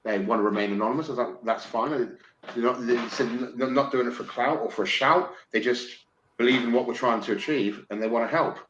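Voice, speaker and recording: A man from England in casual podcast chat, excitable, swearing freely and stumbling over restarts. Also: mid-range voice, fairly quick, highs cut off. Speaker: podcast guest. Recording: roomy with faint noise.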